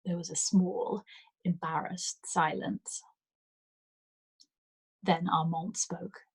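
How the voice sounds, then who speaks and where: A woman reading a novel aloud as a bedtime storyteller, in a calm, measured way. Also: on the low side, creaky, slightly rough, low-quality recording.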